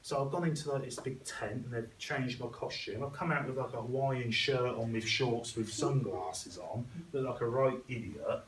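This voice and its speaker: A man's voice: mid-range voice, moderate pace, few pauses, slight background noise. Young Englishman telling stories in an echoey hall. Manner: chatty, self-deprecating, acts out what others said. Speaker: guest speaker. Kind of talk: storytelling speech to an audience. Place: school hall. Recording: echoey hall, picked up from a distance.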